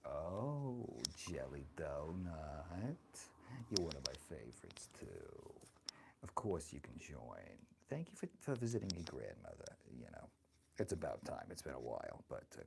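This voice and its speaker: Heavily acted and sing-song, the man's gravelly voice rumbles low yet sits above his own natural pitch, at normal speed. As a livestreamer he plays a crude, flirty, ancient grandmother, bawdy and vain, teasing his viewers and calling them honey. Background noise is audible.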